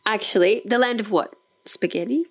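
A woman's voice: medium pitch, moderate pace. A woman hosting a travel podcast, chatting casually, laughing often and restarting her sentences. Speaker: podcast host. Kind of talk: casual chat.

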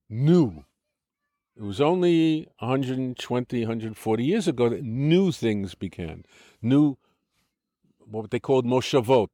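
An older American man talks through his views in an interview, firm and insistent, often breaking off and restarting his sentences. His voice is mid-pitched, and the sound is close and dry with no room in it. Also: dark tone, no room sound. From United States. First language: English. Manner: argumentative, explanatory, frequent restarts. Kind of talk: conversational interview.

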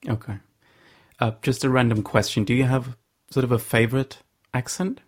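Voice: mid-range voice, fairly even intonation, normal speed. Podcast host asking stuff politely, kinda hesitant, curious. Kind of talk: casual interview questions.

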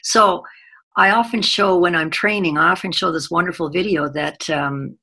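A woman's voice: lowish voice, normal speed, breathy edge. A middle-aged woman giving a conference talk as a workplace trainer, telling stories with animation. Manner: animated storytelling, acts out quoted children. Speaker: corporate gender trainer.

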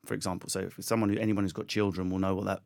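A comedian with an Essex accent, chatting as a guest in a relaxed interview, riffing playfully on stereotypes. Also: male voice, low-pitched, very fast, creaky. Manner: animated, jokey, riffs on stereotypes. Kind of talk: casual interview chat.

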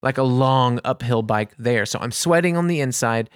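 A man telling a casual anecdote in an animated, exasperated way, with vivid asides. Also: medium pitch, normal speed, smooth, no room sound, clean studio sound. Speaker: storyteller.

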